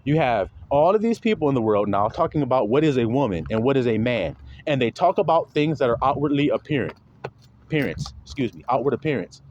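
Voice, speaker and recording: A man's voice: mid-range voice, big pitch swings, a little fast, darkish tone, highs cut off, slight background noise. A man preaching in a casual, blunt monologue, emphatic and profane, often mimicking other people's voices.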